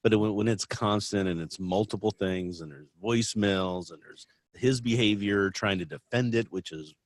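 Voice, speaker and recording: A man with a lowish voice chiming in on a political podcast. He keeps to short, hedging remarks. The sound is close and dry. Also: moderate pace, no echo. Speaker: podcast co-host. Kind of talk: casual political podcast chat.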